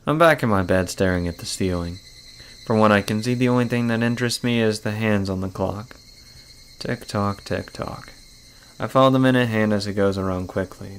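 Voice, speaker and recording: A man reading aloud the lines of a troubled young girl haunted by a curse, in a mostly plain, low voice. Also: a little hiss or hum, natural voice. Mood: dazed. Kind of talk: reading a visual novel aloud.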